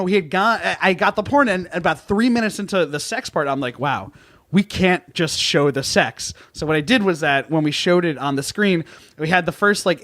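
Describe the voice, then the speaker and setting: A man guesting on a podcast, telling stories in a lively, animated way. He laughs often and acts out what people said. His voice sits fairly high, and the recording is dry with little room sound. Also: dry recording. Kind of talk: casual storytelling chat.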